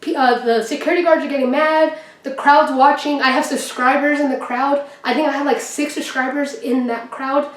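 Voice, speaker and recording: A young woman tells a story excitedly, slipping into the voices of the people in it. Her voice sits a little high. The recording is roomy, and she is set back from the mic. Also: normal speed, distant mic. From Texas. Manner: excited, chatty, acts out quotes. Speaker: vlogger. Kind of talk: casual storytelling.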